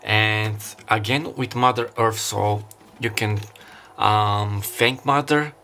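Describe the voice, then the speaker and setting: Low-voiced man giving a rambling tarot reading. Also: fairly even intonation, takes it slowly, pushed and bright, slight background noise. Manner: meandering, thinking aloud with fillers. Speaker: tarot reader. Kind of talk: casual intuitive tarot reading.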